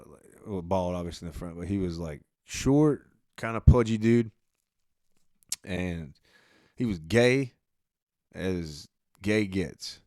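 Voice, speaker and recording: Man, very low voice, laid-back and profane, rambling monologue, dry close mic. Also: no echo. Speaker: podcast host. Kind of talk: casual monologue.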